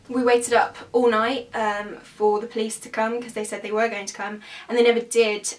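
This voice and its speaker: A woman's voice: on the high side, a bit bright, distant mic. A young woman, a student telling an agitated, emphatic story in a storytime vlog. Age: young adult. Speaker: student vlogger.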